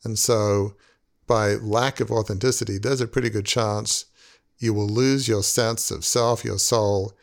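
Older man, podcast host, reflective conversation, earnest and rambling, lowish voice. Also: steady tone, unhurried, gravelly. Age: 60s. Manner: earnest, rambling, heavy use of "you know".

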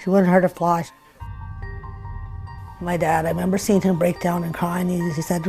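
Mellow-voiced woman remembering sorrowfully. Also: on the low side, little pitch movement, normal speed, long pauses, faint music behind, poor audio. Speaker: sister of a murdered woman. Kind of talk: emotional interview.

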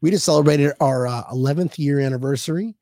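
A man's voice: a little high, fast, mellow, no echo, studio quality. A man in his thirties co-hosting a casual show, joking, laughing and swearing freely. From Florida. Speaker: podcast co-host. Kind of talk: casual chat.

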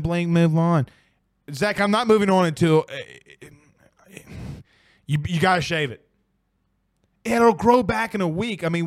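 A man's voice: high voice, no echo, studio quality. A young man hosting a casual sports podcast, exclaiming and swearing as he reads viewer comments. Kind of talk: casual live-stream chat.

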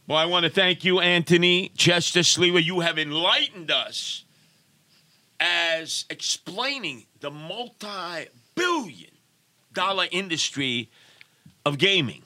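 A man's voice: high voice, lively intonation, slow, pushed and bright, dry recording. A middle-aged man, hosting a casual podcast with showy broadcaster patter. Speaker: podcast host, father. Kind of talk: casual radio-style chat.

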